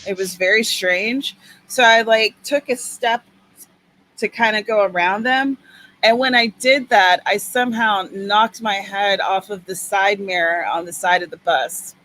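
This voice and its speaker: A woman's voice: mid-range voice, measured pace, a bit bright, a little hiss or hum, rough recording. A woman co-hosting a casual writers' livestream, chatty and teasing, telling stories with animation. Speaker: writing livestream co-host. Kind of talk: casual chat.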